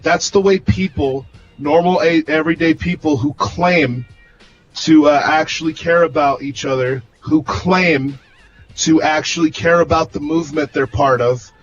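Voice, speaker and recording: A man arguing his side in a podcast debate, halting with ums yet insistent. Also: a little high, fairly even intonation, dull audio, faint music behind. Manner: hesitant, insistent, lots of um. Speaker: debate guest.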